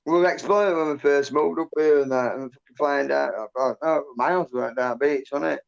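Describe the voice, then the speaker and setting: A man's voice: fairly high pitch, brisk, gravelly. A man hosting a livestream chat, rambling through stories, swearing constantly and tacking "and that" onto his sentences. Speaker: livestream host. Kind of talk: casual chat. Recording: dull lo-fi stream audio.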